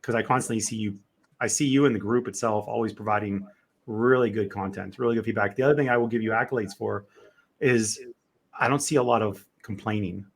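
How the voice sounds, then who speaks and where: A man's voice: on the low side, fairly even intonation, breathy edge. An American man co-hosting a casual podcast, chatty and joking as he asks questions. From United States. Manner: jokey, chatty, quick. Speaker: podcast co-host.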